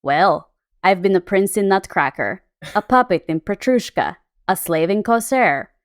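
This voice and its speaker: An earnest male ballet star with a put-on Russian accent, as a woman acts him out. He talks in a halting way and keeps breaking into laughs. The voice is a little loud. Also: mid-range voice, expressive, dry recording, studio quality, natural voice. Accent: mock Russian.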